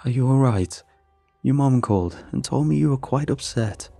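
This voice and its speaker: A man voicing a calm, cautious middle-aged father who soothes his upset daughter. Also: mid-range voice, moderate pace, gravelly, breathy edge, no echo, faint music behind, voice pushed up. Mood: soothing.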